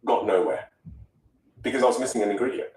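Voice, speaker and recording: A young man, a communication coach, telling stories in an animated way during a podcast interview. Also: medium pitch, quick pace, reverberant, far from the mic, low-quality recording. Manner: animated, dramatic storyteller who acts out voices.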